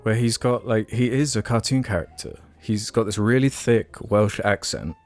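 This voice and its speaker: A man's voice: fairly low pitch, moderate pace. A man co-hosting a podcast, telling a long rambling story in casual chat with plenty of fillers and restarts. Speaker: podcast co-host.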